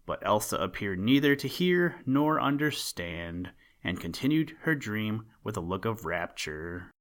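Low-voiced guy reading an old story aloud, calm and slow.

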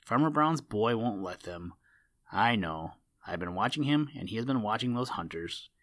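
A sly, sharp-eyed crow who loves to tease, speaking with mock kindness and a chuckle in the words, as a male storybook reader puts him on. The voice sits fairly low, and the recording is dry and close. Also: lively intonation, normal speed, no echo.

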